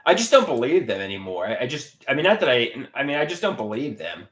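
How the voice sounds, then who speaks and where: A man livestreams about his artwork, agitated and swearing, repeating himself and restarting sentences in casual talk. His medium-pitched voice is sing-song, fast, and fairly bright, in an echoey room.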